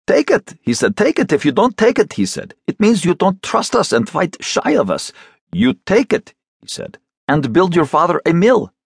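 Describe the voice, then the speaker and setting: A man voicing a flustered, high-pitched merchant. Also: huge pitch swings, normal speed, vocal fry, husky, no room sound, clean studio sound, heavily acted. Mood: indignant. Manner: indignant, pleading, rising to high exclamations. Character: flustered male merchant in trouble. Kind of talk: audiobook character reading.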